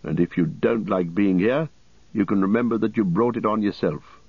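A stern old wizard, as a male narrator voices him, firm and matter-of-fact in a low, husky voice. The recording is dry. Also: moderate pace, no echo, phone-quality sound.

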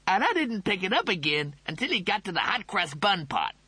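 Vain sulky cat-guy, raised pitch, husky grain, as a man narrates. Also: big pitch swings, a little fast, bright, forceful tone, no room sound, exaggerated voice.

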